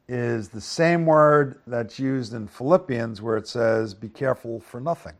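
Unhurried and with few pauses, this male preacher reads scripture aloud at a louder volume, then explains it conversationally in a low aside. He often checks on his listeners with "right?" and "okay?" as he teaches through the verses.

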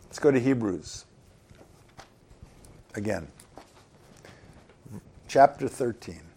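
A man's voice: medium pitch, expressive, slow, gravelly, warm tone, breathy edge. Conversational male preacher. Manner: conversational, asks the congregation questions. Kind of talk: sermon.

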